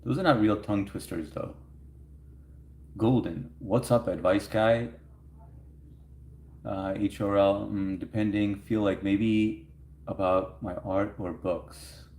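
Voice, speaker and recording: A man's voice: fairly low pitch, fairly even intonation, takes it slowly, pauses often, a little mellow, slight background noise. A man hosting a livestream, chatting casually with viewers, laughing often and reading their comments aloud. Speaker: livestream host answering chat. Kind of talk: casual chat. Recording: echoey room.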